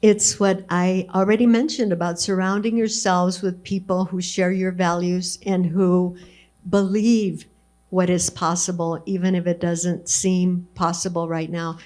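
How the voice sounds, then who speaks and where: A woman's voice: lowish voice, flat delivery, unhurried, darkish tone. Woman, 70s, from Texas. Earnest, encouraging storyteller at a fireside chat. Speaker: alumna guest speaker.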